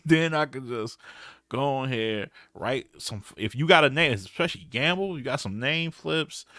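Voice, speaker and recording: A man hosting a podcast, giving a blunt, slangy, animated recap with frequent restarts. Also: medium pitch, no echo, clean studio sound. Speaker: podcast host. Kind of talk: casual recap commentary.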